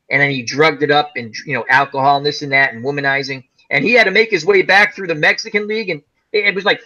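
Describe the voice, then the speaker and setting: A man's voice: fairly high pitch, muffled recording. A man co-hosting a casual chat show, rambling through stories about movies. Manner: rambling, animated storyteller. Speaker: co-host.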